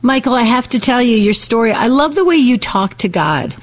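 A female radio co-host speaks to a guest in a warm, admiring way. Her voice sits a little high. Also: animated, fairly quick. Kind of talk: radio interview.

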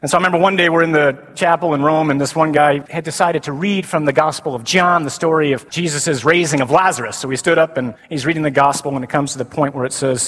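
A man, a Catholic priest preaching a sermon to a men's conference, animated, swinging from loud emphasis to slow, quiet declarations. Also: a little high. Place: large conference hall. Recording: reverberant conference hall.

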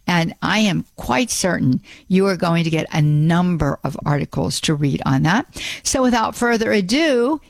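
Animated woman radio host. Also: fairly low pitch, gravelly, dry recording. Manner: animated, emphatic, laughs often. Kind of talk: casual talk radio chat.

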